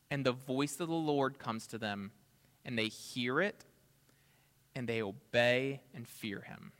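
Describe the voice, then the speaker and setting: Earnest male pastor in a reverberant hall. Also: mid-range voice. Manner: earnest, emphatic builds, drops to soft asides. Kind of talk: sermon. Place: church sanctuary.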